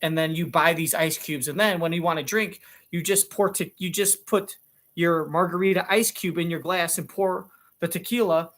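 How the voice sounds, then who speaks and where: A man's voice: on the high side, steady tone, normal speed, a bit bright. A middle-aged talk show co-host in a sarcastic, exasperated comic rant, swearing as he goes.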